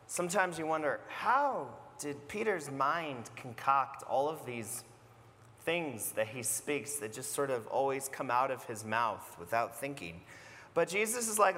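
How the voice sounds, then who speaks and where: A man preaching a sermon as pastor, retelling a story in a conversational, animated way. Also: a little high, normal speed, long reverb tail.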